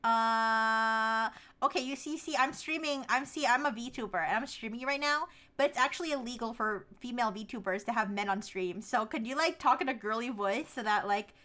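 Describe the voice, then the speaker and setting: High bright brash woman streamer. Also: moderate pace. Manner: brash, teasing, loud outbursts. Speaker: VTuber streamer. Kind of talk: livestream chat with AI voices.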